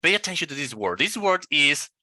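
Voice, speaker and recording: Man, Spanish native, English pronunciation coach, very bright voice, slow careful repetitions, dry close sound, video call. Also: on the high side, sing-song, no echo. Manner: slow, repeats words over and over to model sounds. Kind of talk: online pronunciation lesson.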